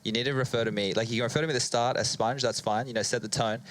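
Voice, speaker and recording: A man's voice: medium pitch, fairly even intonation, very fast, fairly bright tone. A man with an Australian accent, a studio analyst giving dry, teasing esports commentary. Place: broadcast studio.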